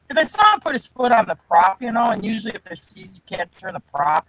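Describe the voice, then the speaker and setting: A man guesting on a casual chat, telling lively anecdotes, acting out quotes and swearing casually. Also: very high voice, fast, hardly any pauses, low-quality recording. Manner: animated storyteller, acts out quotes, swears casually. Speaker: guest reseller.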